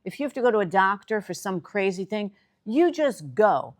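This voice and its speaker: Animated older woman from New York. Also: moderate pace. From New York City. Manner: animated storyteller, voice jumps high when excited. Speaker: co-host. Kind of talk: casual chat.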